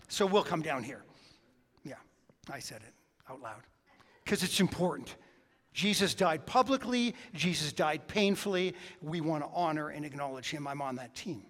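A man preaching a sermon as pastor, swinging between hushed asides and loud, emphatic peaks. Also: on the high side. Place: church sanctuary. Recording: long hall reverb.

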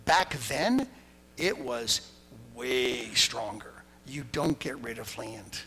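A man preaching a sermon, telling the story with lively asides and acting out quoted voices. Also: mid-range voice, slow, husky. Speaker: pastor. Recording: hall reverb, faint noise.

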